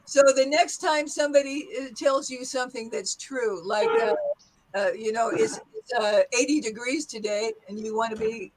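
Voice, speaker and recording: A woman's voice: on the high side, normal speed, rough recording. Encouraging woman teaching pronunciation. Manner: encouraging, drills phrases, laughs often. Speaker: English teacher. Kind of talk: interactive pronunciation lesson.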